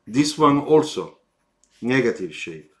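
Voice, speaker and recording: A man with an Italian accent giving live feedback on car sketches, slow and halting, with encouraging asides. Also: mid-range voice, big pitch swings.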